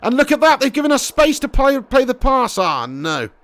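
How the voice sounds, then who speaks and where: A young man commentating a football game live, reading chat, swearing and getting loud at goals. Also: extremely high pitch, normal speed, no echo. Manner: excitable, swears freely, shouts at goals. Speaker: streamer playing a football career mode.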